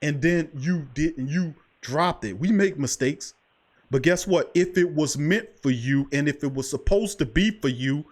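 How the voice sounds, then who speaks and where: A man with a high-pitched voice hosts a sports talk show, and he delivers it like a sermon. He is emphatic and repetitive, and he keeps hammering his point home. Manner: preachy, emphatic, repeats "I'm telling you". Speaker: podcast host.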